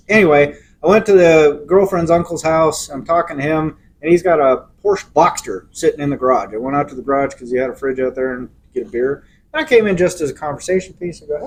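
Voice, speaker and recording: Middle-aged male co-host, rambling anecdotal storyteller, slightly high voice, faint hiss behind. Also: fast, rough recording. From Los Angeles area. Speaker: podcast co-host. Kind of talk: casual chat, storytelling.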